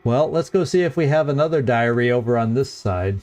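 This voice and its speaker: A middle-aged let's play host gives chatty, rambling gameplay commentary, chuckling often. His medium-pitched voice is a little mellow and a little fast, with lively intonation over soft background music.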